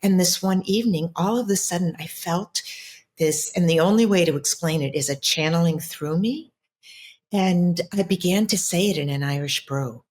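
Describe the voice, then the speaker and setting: A woman's voice: on the low side, normal speed, darkish tone. A middle-aged woman, a spiritual coach, telling a personal story in an interview in an earnest, reflective way with many restarts. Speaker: ancestral healer and spiritual coach.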